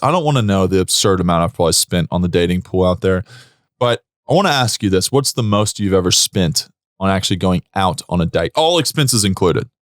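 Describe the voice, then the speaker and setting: A man's voice: low-pitched, dry recording, clean studio sound. A man hosting a podcast, jokey and playful in casual chat. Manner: jokey, playful, quick to laugh. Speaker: podcast host.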